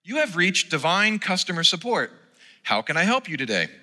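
A man voicing a calm, polite male divine help-desk agent with a British accent, in a sermon story told in a church hall. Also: high voice, moderate pace, full character voice. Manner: polite, unflappable customer-service tone.

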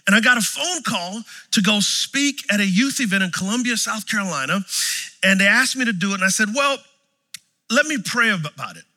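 A high-voiced man in his forties preaching with a bright, forceful tone. He tells stories animatedly, jumping from loud exclamations to hushed lines, and his voice rings through a long-echoing hall. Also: a little fast. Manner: animated, storytelling, swings from shouts to quiet. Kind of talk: sermon.

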